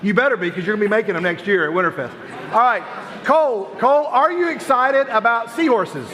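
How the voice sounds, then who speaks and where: A man hosts a youth gathering with jokey, animated banter. His voice sits high and bright. A long reverb from a big hall trails every line. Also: fairly quick. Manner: jokey and animated, laughs often. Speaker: youth group host. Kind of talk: playful stage banter with a crowd. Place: large hall with audience.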